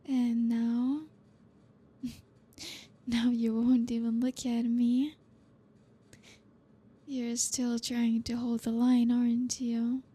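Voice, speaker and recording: A woman playing a slow, breathy, teasing teacher, whispered role-play. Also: exaggerated voice. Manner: slow, teasing, soft-spoken with low laughs. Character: teasing, dominant female teacher. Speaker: ASMR performer.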